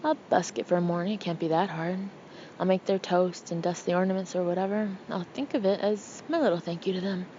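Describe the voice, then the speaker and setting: A woman narrating an audiobook in the first person, with an expressive, intimate, anxious delivery. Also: lowish voice, a little fast, dull audio, slight background noise.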